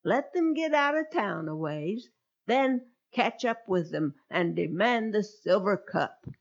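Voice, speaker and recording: A woman's voice: mid-range voice, expressive, slow. Joseph, a forgiving ruler, read by a woman. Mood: commanding. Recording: dull lo-fi recording.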